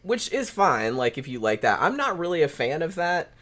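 A man's voice: fairly high pitch, very animated, moderate pace, a bit bright. A man co-hosting a podcast, chatting casually about a film, rambling and swearing often. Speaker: podcast co-host. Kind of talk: casual film review chat.

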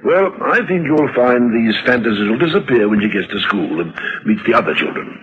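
A man voicing an older family doctor, calm and explanatory, his pitch lively. The old radio recording is dull and lo-fi. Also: brisk, slight background noise, close to an everyday voice.

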